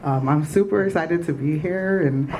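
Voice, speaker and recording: A woman's voice: sits low, moderate pace, a little mellow, a little hiss or hum. A young woman from Rochester, New York, introducing herself on a college panel, nervous and full of ums. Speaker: panelist, master's student and business owner.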